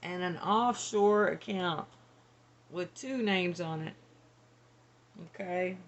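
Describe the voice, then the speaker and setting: A psychic medium relays channeled messages in a hesitant, tentative way, laughing in between. Her voice is lowish and slow, with a little hiss or hum in the recording.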